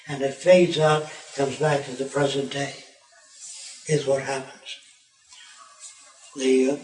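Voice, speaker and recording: A man's voice: fairly high pitch, roomy sound, far from the mic, rough recording. Old man telling a story off-mic. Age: over 90. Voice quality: rambling, animated storyteller. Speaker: tour guide and futurist. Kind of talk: casual guided talk to visitors.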